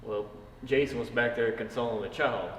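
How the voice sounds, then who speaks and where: Soft-spoken man, echoey hall. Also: medium pitch, moderate pace, far from the mic, slight background noise. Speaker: firefighter. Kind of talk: casual storytelling.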